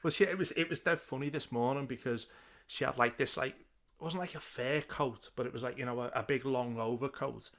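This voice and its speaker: A man's voice: mid-range voice, fairly even intonation, brisk, fairly bright tone. A man, hosting a casual chat over a video call and telling stories with frequent laughs. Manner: chatty storyteller, laughs often. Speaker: podcast host.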